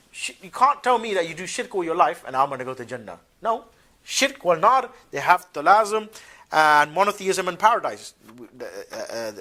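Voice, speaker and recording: A man with a fairly high voice delivers a religious lecture to a class. He speaks in loose, everyday slang, keeps tossing in "yeah?", and breaks into mocking asides with quick laughs. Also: bright, forceful tone. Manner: conversational, colloquial, keeps asking "yeah?".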